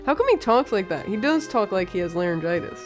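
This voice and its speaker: A woman chatting casually as co-host, animated and full of filler words. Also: medium pitch, faint music behind. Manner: animated, filler-heavy, quick asides. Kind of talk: casual chat.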